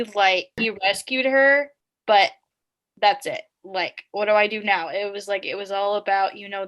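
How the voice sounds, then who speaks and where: Bright-voiced woman podcast co-host. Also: mid-range voice. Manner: chatty and gushing, with laughs and fillers. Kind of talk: casual movie recap chat.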